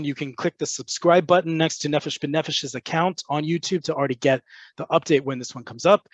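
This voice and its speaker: A man's voice: on the high side, no echo. A man teaching a webinar lesson and answering viewers' questions, explaining patiently with frequent fillers. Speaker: Hebrew language teacher. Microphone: computer mic on a video call. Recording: dull, dry webinar audio.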